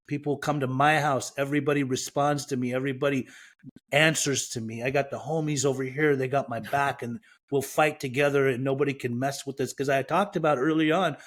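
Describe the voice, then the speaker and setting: A man from Iran talks frankly as a podcast guest. His voice sits at an ordinary mid pitch. He is reflective and pokes fun at his past self. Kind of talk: candid recovery story in podcast interview.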